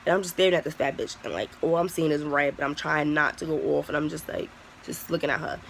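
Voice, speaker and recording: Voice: mid-range voice, quick pace, creaky, a bit bright, a little hiss or hum, poor audio. A young adult vlogger telling a personal story in a candid, profane, casual way, full of "like" and restarts. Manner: candid, profane, heavy use of "like".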